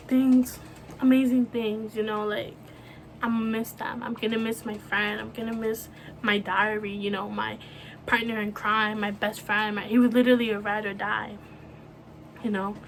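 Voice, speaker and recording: A young woman talking to camera about a close friend, speaking softly and haltingly with many fillers. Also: medium pitch, flat delivery, slight background noise. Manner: soft, halting, full of fillers like "you know". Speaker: vlogger. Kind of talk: emotional personal talk to camera.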